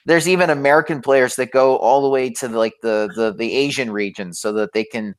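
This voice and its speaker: A man's voice: medium pitch, a little fast, clean tone. A man from Florida chatting casually on a podcast, rambling with many fillers and restarts. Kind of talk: casual chat.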